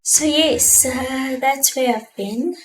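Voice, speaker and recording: A woman's voice: sits high, loud music behind the voice, low-quality recording. A young South African woman talking to camera in a heartfelt, reflective personal vlog. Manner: earnest, heartfelt, slow and thoughtful. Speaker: vlogger.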